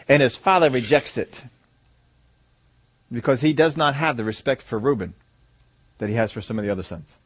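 A man's voice: mid-range voice, normal speed, long pauses, slightly rough, no echo. Man preaching with dry close sound. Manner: reads aloud, then explains with animated asides to the congregation. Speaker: pastor. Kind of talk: sermon with scripture reading.

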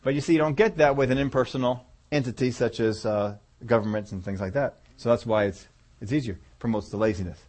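A man's voice: medium pitch, fairly quick, darkish tone. A man preaching a sermon in a folksy, conversational way, rambling a little as he tells a story to his congregation.

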